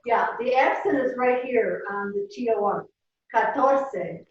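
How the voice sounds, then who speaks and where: A woman teaching a Spanish class over a video call, saying each word slowly and having the class repeat it after her. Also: a little high, crowd noise. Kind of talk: slow, patient language drill. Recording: echoey, distant, dull and slightly noisy room audio.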